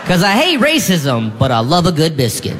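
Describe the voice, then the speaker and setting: A man from South Carolina performs stand-up on a club stage into a handheld mic. His voice sits a little high and swoops widely, and he keeps leaping into shrill impressions. A faint hiss runs under it. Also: normal speed, in a large hall. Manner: animated, jumps into high-pitched impressions. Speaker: stand-up comedian. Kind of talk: stand-up comedy set.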